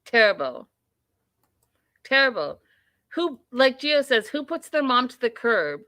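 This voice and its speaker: A woman hosting a live TV recap stream, giving blunt opinions and reading viewer comments aloud in a casual, animated way. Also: fairly high pitch, a little slow, no room sound. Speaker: host of a live TV recap show.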